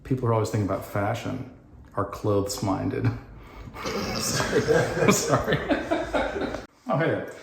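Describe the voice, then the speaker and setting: A man hosting a home renovation vlog, demonstrating fixes in a deadpan, joking way. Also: lowish voice, a little slow, vocal fry, long pauses. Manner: deadpan jokey, puns and mock anger. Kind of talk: joking DIY how-to vlog. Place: house under renovation, indoors. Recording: echoey bare room, faint noise.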